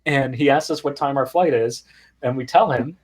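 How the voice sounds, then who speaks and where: A man being interviewed as a guest, telling a story in a lively, casual way with frequent ums and restarts. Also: medium pitch, normal speed, breathy edge. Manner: animated anecdote teller, frequent ums and restarts. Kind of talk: conversational storytelling.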